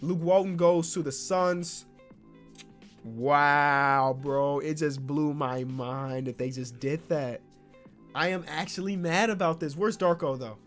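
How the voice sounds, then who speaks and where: A man giving excitable gaming commentary as a basketball YouTuber, now and then bursting into loud shouts. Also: a little high, slow pace, faint music behind.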